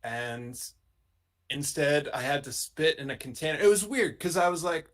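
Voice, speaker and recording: Man, middle pitch, dry humor, rambling stories, casual co-host chat. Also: expressive, normal speed, a bit bright. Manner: dry, rambling jokey storytelling. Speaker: podcast co-host. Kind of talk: casual chat on a live stream.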